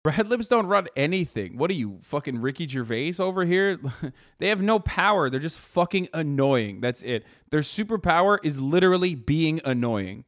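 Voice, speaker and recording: A man's voice: on the high side, very animated, normal speed. A young man hosting a live stream, ranting in profane, sarcastic commentary straight to his chat. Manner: profane, sarcastic, heated rant. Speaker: streamer host.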